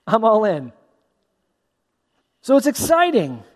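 A man preaching a sermon as a pastor, animated and acting out the voices of the people in his story. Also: high voice, takes it slowly. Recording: long hall reverb.

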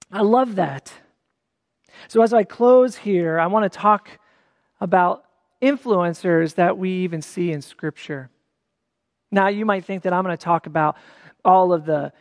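Pastor, conversational sermon delivery, emphatic repeats, mid-pitched, long reverb tail. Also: a little mellow, clean studio sound.

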